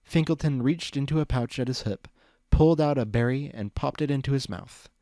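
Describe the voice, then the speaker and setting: A man's voice: medium pitch, fairly quick, no room sound, clean studio sound. Man narrating a storybook reading. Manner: even, storytelling. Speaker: reader. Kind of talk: storybook narration of fan fiction.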